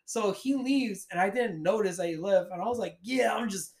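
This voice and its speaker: Animated young man telling a story. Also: high-pitched, normal speed. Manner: animated storytelling, acts out voices. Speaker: podcast co-host. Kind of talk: casual chat. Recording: roomy echo.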